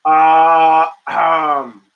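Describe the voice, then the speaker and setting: A man's voice: fairly high pitch, flat delivery, extremely slow, vocal fry, lo-fi sound. A middle-aged man hosting a talk show, rambling and swearing as he reads chat and answers it. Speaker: podcast host. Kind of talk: casual talk show monologue.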